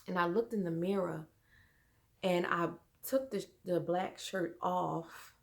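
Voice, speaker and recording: A young adult woman vlogger earnestly telling a personal story, halting and full of fillers. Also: fairly low pitch, gravelly.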